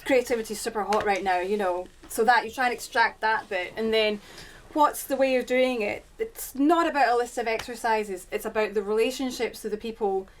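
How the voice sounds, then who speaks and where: A woman's voice: on the high side, brisk, hardly any pauses, a little hiss or hum. A woman researcher speaking on a panel, thinking aloud and searching for her words. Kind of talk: reflective panel discussion.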